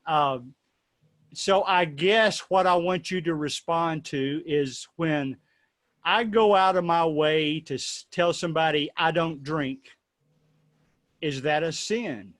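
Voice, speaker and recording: Male host, playful and rambling, slightly high voice, dry close sound. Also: slow, a bit bright, no room sound. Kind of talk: casual discussion.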